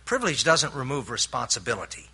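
A man's voice: medium pitch, very animated, quick pace, sharp tone, husky. An older man preaching a sermon in an earnest way, explaining scripture with homely stories and frequent restarts. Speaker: pastor.

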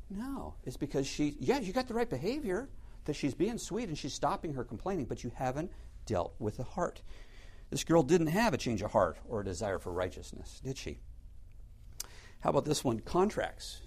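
A man's voice: mid-range voice, a little mellow. A man teaching an adult Sunday school class in a conversational way, asking rhetorical questions and acting out stories.

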